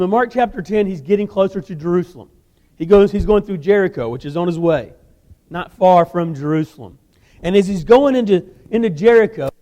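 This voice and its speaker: Animated high-voiced preacher. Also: male voice, in a large hall. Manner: animated storytelling with casual asides. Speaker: guest preacher. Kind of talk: sermon.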